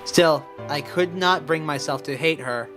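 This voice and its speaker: A man's voice: a little high, measured pace, a bit bright, soft background music, voice pushed down. A man voicing a grave male figure recalling a painful past, in a robot voice while reading game dialogue.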